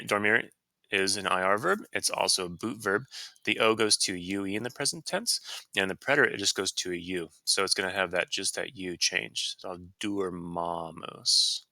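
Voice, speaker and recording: A man with a low voice and a very bright, sharp tone walks through a screen-recorded Spanish grammar lesson. He explains casually, with fillers and quick self-corrections. The sound is dry and close to the mic. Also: no room sound. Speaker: Spanish teacher.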